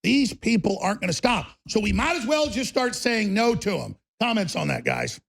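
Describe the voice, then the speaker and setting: A man's voice: high-pitched, big pitch swings, normal speed, creaky. A man hosting a talk show, delivering a heated, combative monologue in a mocking tone.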